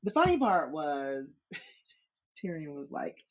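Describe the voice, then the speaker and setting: Someone recapping a tv episode, voice swings all over, sighs and swears. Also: medium pitch. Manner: expressive, profane, drawn-out sighs. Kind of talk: casual chat recapping a TV episode.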